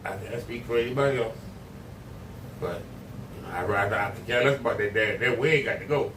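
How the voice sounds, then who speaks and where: Brief: mid-pitched man, blunt running commentary, roomy far-off sound. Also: brisk. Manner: blunt, opinionated, drawn out. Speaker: stream commentator. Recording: roomy, distant, faint noise.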